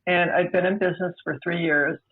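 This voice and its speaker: A woman, a podcast guest, telling her own story in a measured, deliberate way over a remote line. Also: lowish voice, fairly even intonation, breathy edge. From United States. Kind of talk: personal storytelling. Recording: tinny phone-like remote line.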